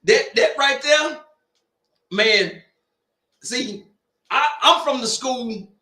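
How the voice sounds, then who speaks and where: A man in his forties with a bright, high-pitched voice, telling loud, joking stories at an unhurried pace. He rambles from tangent to tangent, and the room around him rings with echo while faint music plays behind. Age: 40s. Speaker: host of a sports watch-party stream. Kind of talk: casual storytelling chat.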